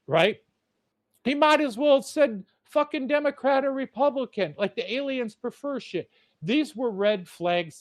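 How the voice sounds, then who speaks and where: Male podcast host, cursing, blunt rambling rant, slightly high voice, dry close sound. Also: no echo. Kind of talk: casual rant.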